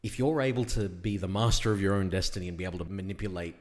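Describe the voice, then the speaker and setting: A man's voice: low voice, fast talker, darkish tone. A man hosting a casual interview, talking with his guest in a conversational way and drawing him out with questions. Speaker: podcast host. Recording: echoey reverberant room.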